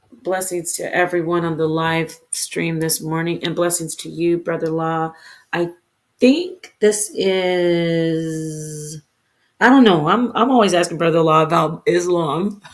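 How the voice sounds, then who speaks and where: A woman hosting a livestream, talking to her chat, correcting herself as she goes and addressing viewers by name. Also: lowish voice. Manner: self-correcting, animated, talks to herself and viewers. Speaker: livestream host. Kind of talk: solo livestream talk to chat.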